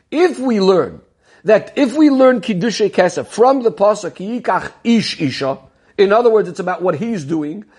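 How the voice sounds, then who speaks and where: A man's voice: sits high, a little mellow, breathy edge. A man teaching a Talmud lesson, explaining step by step and weaving in Hebrew terms. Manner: explanatory, repeats key terms, Hebrew and Yiddish terms. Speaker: Torah teacher.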